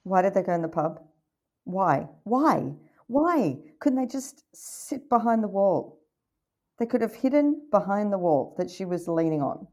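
A woman's voice: mid-range voice, normal speed. A woman co-hosting a podcast, chatting casually and emphatically, often repeating her points. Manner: excitable, emphatic, repeats herself. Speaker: podcast co-host. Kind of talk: casual chat.

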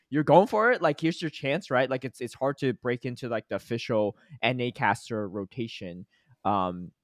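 A man's voice: mid-range voice, no room sound. A young man co-hosting a podcast, chatting casually and praising his guest in a friendly, reflective way. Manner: friendly, reflective, gives encouraging feedback. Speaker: podcast co-host. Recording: dry close-miked sound.

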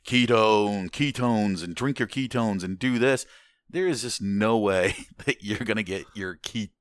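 A man's voice: lowish voice, moderate pace, no room sound. An American man in casual chat, rambling with frequent restarts and casual swearing. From United States.

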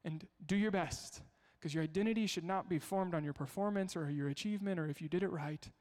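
His voice is high and somewhat dark, and he speaks fairly quickly. Preaching a sermon, this pastor tells family stories in a conversational way and asks the congregation rhetorical questions, all heard through long hall reverb.

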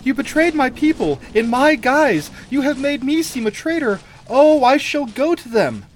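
A man voicing a proud young queen, frightened but defiant, in a dramatic story reading with pleading, shrill outbursts. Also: lively intonation, moderate pace, a little hiss or hum. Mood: anguished.

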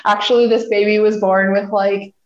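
A woman's voice: mid-range voice, level tone, normal speed, echoey room, lo-fi sound. A woman co-hosting a casual chat, laughing often and making sarcastic asides. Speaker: podcast co-host.

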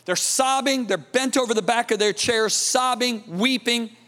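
Man, high voice, preacher, dramatic sermon storytelling, hushed awe, long hall echo. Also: unhurried. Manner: dramatic, swings from loud emphasis to hushed awe.

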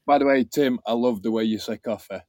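A man's voice: mid-range voice, fairly quick, darkish tone. A man from England, enthusiastically explaining regional in a casual chat.

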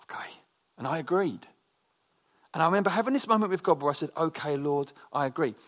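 A man preaching a conversational sermon, telling personal stories in a chatty, animated way with frequent restarts. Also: a little high, fast talker.

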